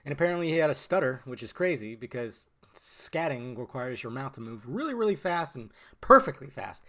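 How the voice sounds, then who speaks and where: A young man talks casually through his own podcast with a fairly high voice. He gets animated and swears freely, leaping to loud outbursts and dropping into quick mumbled asides. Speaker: podcast host. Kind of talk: casual solo podcast chat.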